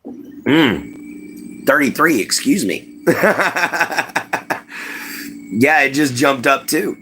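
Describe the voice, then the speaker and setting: A man chatting casually to viewers on a live stream, rambling and relaxed, with lots of "you know" and "man". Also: mid-range voice, extremely slow, slight background noise. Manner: laid-back, rambling, says "you know" and "man" a lot.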